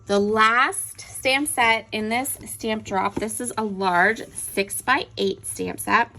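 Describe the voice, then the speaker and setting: A woman hosting a crafting video, chatting enthusiastically as she unboxes and describes stamp sets, pausing now and then to look things over. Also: on the high side, sharp tone. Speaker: crafting channel host. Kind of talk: unboxing show-and-tell.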